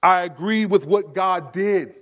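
A man in his thirties preaching a sermon in a conversational style, acting out quick quotes. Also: high-pitched. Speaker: pastor.

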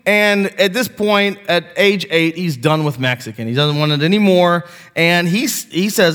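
Pastor with a higher voice, reverberant sanctuary. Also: male voice, normal speed, hardly any pauses, a bit bright. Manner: conversational, self-deprecating storytelling. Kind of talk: sermon. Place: church sanctuary. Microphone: handheld mic. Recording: long hall reverb.

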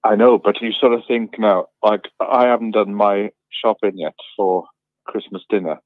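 A man's voice: fairly low pitch, steady tone, moderate pace, no echo. A man rambles through everyday stories with a jokey, chatty manner. His voice comes over a thin, phone-like line with no room sound. He sounds like a regular caller on a casual radio show. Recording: tinny phone line, dry.

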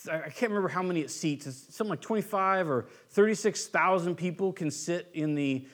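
High-voiced man preaching conversationally. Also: brisk, a bit bright. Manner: conversational, acts out quoted voices. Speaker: pastor. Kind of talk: sermon.

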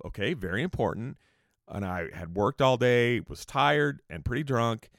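A man spins loose, swearing stories, full of side notes and jokes. His voice sits low but swings widely in pitch. The sound is dry and close, with no room around it. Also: expressive, moderate pace, no room sound. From California. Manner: profane, rambling, joking asides. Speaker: musician telling tour stories. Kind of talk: casual storytelling monologue.

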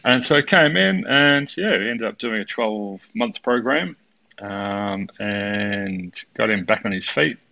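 A man's voice: lowish voice, animated, unhurried, creaky, sharp tone, dull audio. A man co-hosting a podcast, rambling casually with many fillers. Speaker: podcast co-host, coach.

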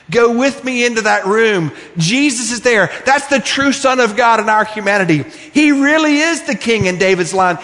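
A male pastor preaching with a high voice, earnest and pleading as he presses one rhetorical question after another. His voice rings with a long reverb in a large church sanctuary. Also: fairly bright tone. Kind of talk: sermon.

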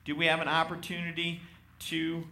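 Forceful, emphatic preaching man. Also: fairly high pitch, completely flat delivery, moderate pace. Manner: emphatic, addresses congregation directly. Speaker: pastor. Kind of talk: sermon with scripture reading.

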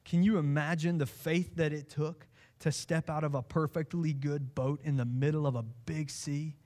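A man preaching a sermon as pastor, impassioned, swinging from hushed lines to pleading ones. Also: fairly high pitch, steady tone, moderate pace.

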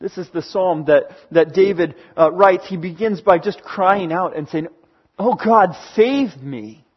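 A man's voice: high-pitched, a little slow, breathy edge, lo-fi sound. A man preaching a sermon in a conversational, storytelling way, with frequent hesitant fillers. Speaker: pastor.

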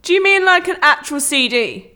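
A woman's voice: high voice, very animated, moderate pace, sharp tone, full character voice. A woman playing a polite, hesitant patent office clerk in a comedy sketch.

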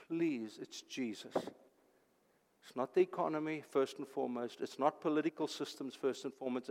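An older man preaching a sermon, swinging between urgent loud declaring and hushed, quiet phrases. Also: sits high, big-room sound. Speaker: pastor.

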